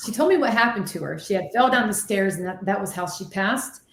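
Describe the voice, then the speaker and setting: Her voice is medium-pitched, brisk, and creaky as this ghost hunter and medium tells her stories as an interview guest. She's excitable and animated, dramatically mimicking the voices she recalls, in an echoey room.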